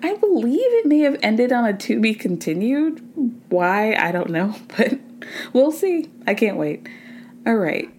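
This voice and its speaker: A woman's voice: on the high side, big pitch swings, measured pace, darkish tone, slight background noise. A woman hosting a podcast, giving a casual, profane recap of reality TV and acting out what the cast said. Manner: chatty, profane, acts out quotes in changing voices. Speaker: podcast host. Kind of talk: casual pop culture recap.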